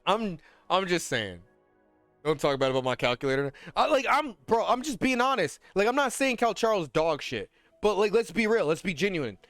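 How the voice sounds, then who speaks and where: A man ranting in casual, slangy talk as a gaming content creator, heated and animated, swearing freely. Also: high-pitched, normal speed, dry recording, soft background music.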